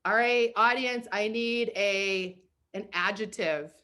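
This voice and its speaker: A woman's voice: medium pitch, takes it slowly, bright, forceful tone. A woman with a Boston accent hosting a comedic therapy talk show over a video call, bubbly and laughing often as she leads a word game. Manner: bubbly, laughs often, reads aloud playfully. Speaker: host.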